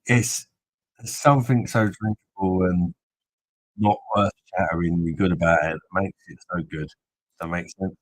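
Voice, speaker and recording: A man's voice: low-pitched, steady tone, moderate pace, no room sound, rough recording. A man from Kent, hosting a live stream and bantering with viewers in crude, jokey chatter. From Kent, England. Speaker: host of a beer review live stream. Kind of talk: casual live-stream chat.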